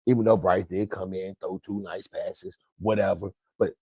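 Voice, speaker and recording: A man's voice: deep voice, steady tone, normal speed, hardly any pauses, dark tone, husky, dry recording. A man hosting a sports commentary show, ranting in a profane, emphatic way and repeating his points. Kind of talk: fiery sports rant.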